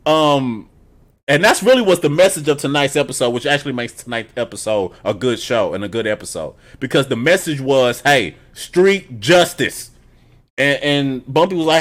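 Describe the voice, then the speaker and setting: A man reviewing a TV episode in casual, loose chat. He swears freely and tells the story with animated energy, his pitch in an ordinary middle range. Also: normal speed. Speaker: TV show reviewer.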